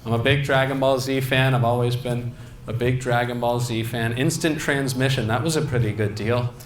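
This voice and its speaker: A man's voice: medium pitch, fairly even intonation. Brief: young male stand-up comic, self-deprecating, echoey hall with ambient noise. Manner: self-deprecating, quick, laughing asides. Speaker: stand-up comedian. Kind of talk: stand-up comedy set. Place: convention stage.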